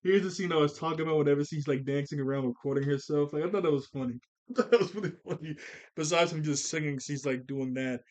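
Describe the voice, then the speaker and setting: A man with a fairly high, darkish voice talks fast as an anime reviewer commenting on a film. His delivery is loose, slangy, and rambling, and he laughs often and loses his train of thought.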